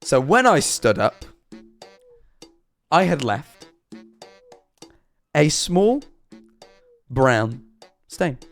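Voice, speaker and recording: A man's voice: a little high, big pitch swings, extremely slow, pauses often, faint music behind. A young man streaming, telling an embarrassing story in a rambling, self-deprecating way, his throat sore. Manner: rambling, self-deprecating, frequent restarts and "all right?". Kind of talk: casual storytelling to chat.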